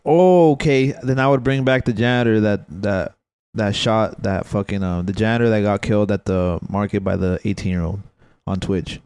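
A man's voice: fairly low pitch, normal speed, few pauses, clear, resonant tone, no echo. Young man, dry close sound, rambling. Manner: animated, rambling, profane storytelling. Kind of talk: casual chat.

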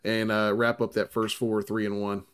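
A man on a casual sports podcast, relaxed and repeating words as he thinks. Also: fairly low pitch, moderate pace, smooth.

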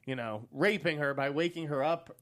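A man's voice: a little high, normal speed, fairly bright tone. A man co-hosting a casual movie podcast. He is blunt and cusses freely, and he laughs easily between points. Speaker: podcast co-host. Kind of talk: casual movie news chat.

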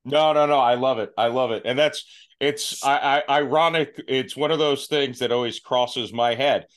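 Relaxed man hosting a podcast. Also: mid-range voice, moderate pace, smooth. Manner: relaxed, hesitant with fillers, laughs along. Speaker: podcast host. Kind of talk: casual interview chat.

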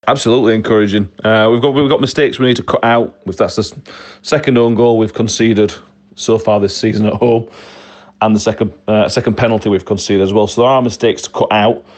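Male guest, lowish voice, casual and upbeat, lots of ums. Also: steady tone, a little fast, a little mellow. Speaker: guest from a fan podcast. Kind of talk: casual interview answers.

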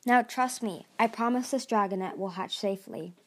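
A woman's voice: medium pitch, normal speed, natural voice. A woman reading aloud and voicing a determined, protective young female sea dragon who speaks insistently. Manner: insistent, urgent.

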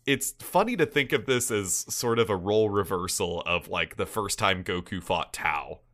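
Man, lowish pitch, bright forceful tone, casual podcast chat, laughs a lot, swears, rambling. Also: normal speed. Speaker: podcast co-host. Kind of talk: casual chat reviewing an anime episode.

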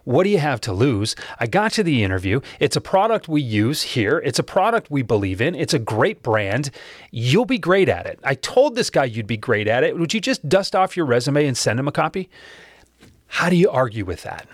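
A man's voice: medium pitch, very animated, normal speed, no room sound, studio quality. Conversational man telling a story. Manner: conversational, acts out remembered dialogue. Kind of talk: personal story told to listeners.

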